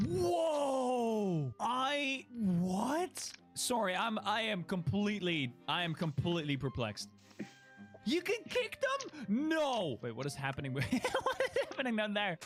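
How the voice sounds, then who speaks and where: A man giving excitable gameplay commentary, exclaiming and laughing often. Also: high voice, takes it slowly. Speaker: gaming video creator. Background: background music.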